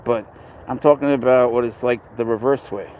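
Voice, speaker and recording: A man's voice: mid-range voice, steady tone, moderate pace, darkish tone, slight background noise. Chatty New man outdoors. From New York. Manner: rambling, chatty, talks to passers-by and chat. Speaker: pet owner vlogger. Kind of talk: casual chat. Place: outdoors at a city dog park.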